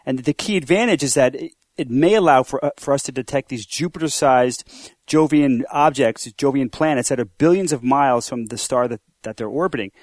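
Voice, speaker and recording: A man's voice: medium pitch, fairly quick, a little mellow, dry recording. A man co-hosting a science podcast, explaining news in casual chat and often restarting his words. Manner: hesitant, repeats words. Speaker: podcast co-host.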